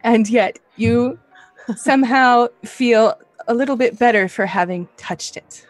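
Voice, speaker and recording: A woman's voice: on the high side, a little slow, dry recording. A young woman narrating a tabletop game as game master in a loose, chatty way with many fillers.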